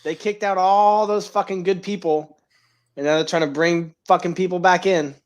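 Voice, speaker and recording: A man's voice: sits high, steady tone, normal speed. A man co-hosting a casual podcast, griping bluntly and profanely about the military. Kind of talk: casual chat.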